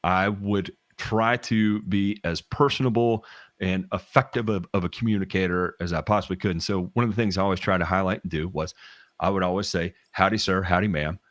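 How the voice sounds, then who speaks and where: A man's voice: deep voice, steady tone, fairly quick, dry recording, studio quality. A middle-aged man with a Southern US accent, telling work stories in casual chat, rambling with restarts and blunt swearing. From American South. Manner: rambling, frequent restarts and fillers, candid with swearing.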